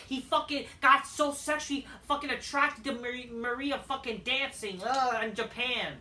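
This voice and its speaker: A woman with a bright, pushy voice rants her way through a review, swearing freely and waving things off as she goes. She sits well back from the mic in a roomy, echoing space. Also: sits high, moderate pace, hardly any pauses. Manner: profane, dismissive, rambling. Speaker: wrestling show reviewer. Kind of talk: casual review rant. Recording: echoey room, voice far from mic.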